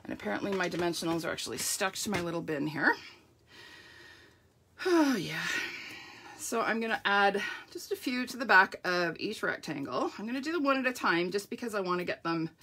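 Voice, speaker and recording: A woman with a sniffly nose and a slightly croaky voice, chatting through a live crafting tutorial and laughing often. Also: mid-range voice, animated, a little fast, pushed and bright. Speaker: papercraft demonstrator.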